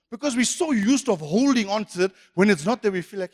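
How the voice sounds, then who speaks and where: A man's voice: high voice, expressive, brisk, darkish tone. A man preaching a sermon as pastor, emphatic and repetitive. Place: church hall. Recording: echoey church hall.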